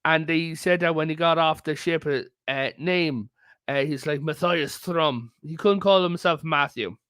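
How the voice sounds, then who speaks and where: A man's voice: a little high, normal speed, a bit bright, clean tone, no room sound. A man from Ireland, a guest in a casual history chat over a video call, telling stories with frequent "like" and "right?". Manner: storytelling, peppered with "like" and "right?".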